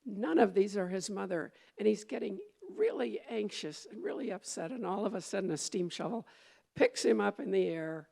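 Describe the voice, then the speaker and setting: A woman's voice: medium pitch, expressive, moderate pace, vocal fry, warm tone, slightly rough. A woman minister giving a conversational sermon, meandering, with fillers and restarts as she goes.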